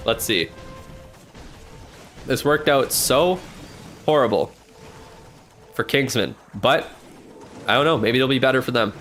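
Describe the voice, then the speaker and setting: A man streaming and commentating a match in casual live play-by-play, reacting excitably and chatting with the odd swear word. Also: mid-range voice, a little slow, pauses often, faint music behind.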